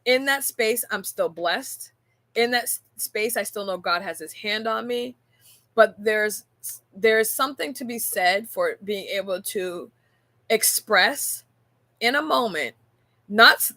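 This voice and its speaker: A woman podcast host leads a casual faith-based talk, speaking earnestly, telling stories and often asking rhetorical questions like "right?". Recorded on a camera mic with no echo, her mid-range voice is pushed and bright, her pace a little slow.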